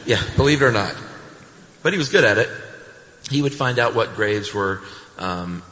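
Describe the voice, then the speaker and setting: An American man co-hosting a podcast live on stage, telling a story with relaxed, laughing banter. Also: fairly low pitch, moderate pace. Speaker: podcast co-host. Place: large hall with live audience. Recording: echoey hall recording.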